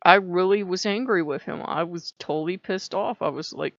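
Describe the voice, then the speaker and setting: A woman hosting her own channel, telling a personal story in a casual, animated way as she vents. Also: lowish voice, moderate pace, creaky, few pauses, no echo. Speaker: channel host. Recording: dull, lo-fi dry recording.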